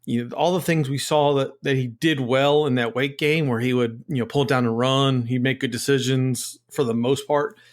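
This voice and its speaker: A man co-hosting a sports podcast, talking casually. His voice sits at an ordinary middle pitch, and he vents his frustration in a rambling way, full of restarts. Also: steady tone, normal speed, few pauses. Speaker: podcast co-host.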